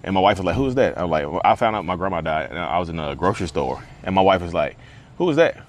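A man's voice: sits low, very fast. A man talking casually to camera outdoors at a beach, rambling and conversational with lots of fillers. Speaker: vlogger.

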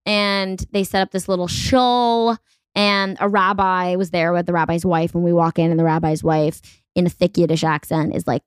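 A woman in her thirties hosting a podcast, talking in a blunt, profane, quick-joking way. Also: fairly low pitch, steady tone, clear, resonant tone, no echo. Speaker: podcast host. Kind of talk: casual podcast chat.

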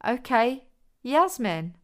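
A woman's voice: on the high side, big pitch swings, takes it slowly, a bit bright, pitched above the performer's own voice, heavily acted. A woman doing a bossy, teasing young woman. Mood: teasing commanding. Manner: commanding, instructive.

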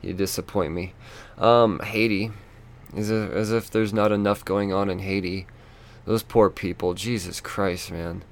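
A man's voice: low-pitched, fairly even intonation. Frustrated, swearing male podcast host. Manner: frustrated, swearing, halting with many restarts. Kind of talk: solo ranting podcast.

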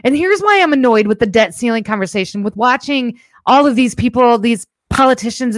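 A woman's voice: on the high side, animated, fairly quick, hardly any pauses, no room sound. A woman hosting a casual livestream show, chatting bluntly with viewers, swearing freely, and rambling through asides from her home setup. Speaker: podcast host.

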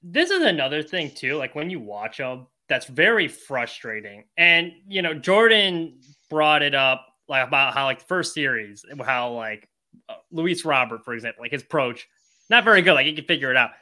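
Bright blunt exasperated podcast guy. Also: on the high side, animated. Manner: blunt, exasperated, fast-talking. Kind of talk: casual sports chat.

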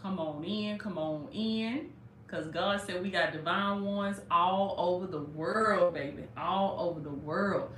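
A woman's voice: lowish voice, measured pace, a little hiss or hum. Woman welcoming folks to her live, keeps saying baby, echoey room. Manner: warm, repetitive welcoming, calls listeners "baby". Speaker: livestream host and life coach. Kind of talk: casual preaching livestream.

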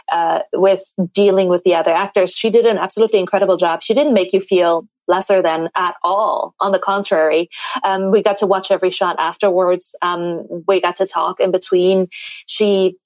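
Actress lady chatting on a podcast, animated, lots of ums, dry sound. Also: fairly low pitch, no echo, rough recording. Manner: animated, talkative, many fillers and restarts. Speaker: actress and film director. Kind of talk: casual interview chat.

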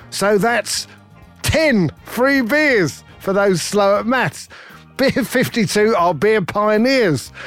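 High-voiced male podcast host. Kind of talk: podcast hosting and read ad.

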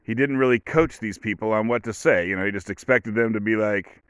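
A man's voice: fairly low pitch, brisk, smooth, dry recording. A man hosting a casual solo podcast, talking in a rambling, offhand way with dry joking asides. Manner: rambling, offhand, full of "like" and "whatever". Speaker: podcast host.

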